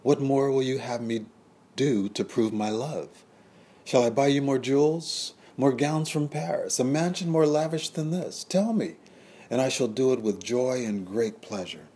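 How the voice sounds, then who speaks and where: A man's voice: deep voice, moderate pace, warm tone, husky. A man voicing a wealthy, lovesick French sugar baron in an audiobook, pleading in flowery, romantic speech.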